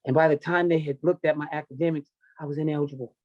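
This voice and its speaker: A middle-aged wrestling and MMA coach, guesting on a podcast, reflects on his youth in a blunt, emotional, swear-filled way. He speaks fast in a fairly high voice with a steady tone. The audio is dull and lo-fi, typical of a simple podcast recording.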